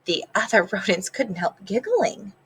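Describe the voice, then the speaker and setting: A woman teacher reading a picture book aloud to her class, expressive, pausing to ask the children questions. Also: mid-range voice, slight background noise, poor audio.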